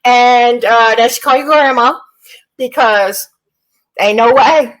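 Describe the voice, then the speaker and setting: Blunt, animated woman, high voice. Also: slow, low-quality recording. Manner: blunt, animated storytelling with Southern slang. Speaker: military veteran. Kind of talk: casual podcast chat.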